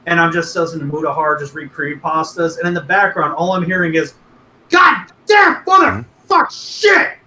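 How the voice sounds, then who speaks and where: High bright-voiced man telling rambling stories. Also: flat delivery, quick pace, few pauses, echoey room, slight background noise, rough recording. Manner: rambling profane storytelling. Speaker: podcast co-host. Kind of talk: casual chat.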